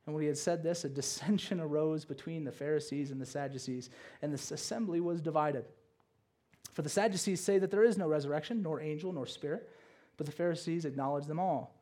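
A man preaching a sermon and explaining scripture, moving between loud emphasis and hushed low asides, with conversational checks like "okay?" and "right?". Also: fairly quick.

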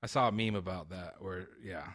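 A man's voice: low-pitched, a bit bright, no echo, clean studio sound. A man co-hosting a podcast, casually and self-critically picking apart his own joke. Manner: self-critical, quick to laugh. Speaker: podcast co-host. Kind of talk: casual chat.

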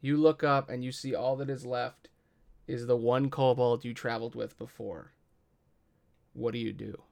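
A man running a tabletop game as game master, describing the scene in a relaxed way. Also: mid-range voice, normal speed, creaky.

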